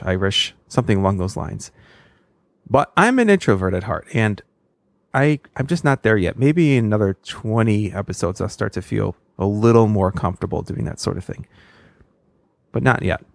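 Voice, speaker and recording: A man hosting a speech pathology podcast, talking in a relaxed, chatty way with musing asides. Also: fairly low pitch, no echo, clean studio sound. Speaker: podcast host. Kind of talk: podcast intro and interview.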